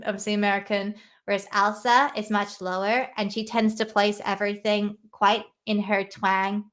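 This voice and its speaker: A woman's voice: mid-range voice, fairly bright tone. A young British woman chatting casually on a livestream, reading out viewer comments, rambling and laughing often. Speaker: YouTuber reading live chat.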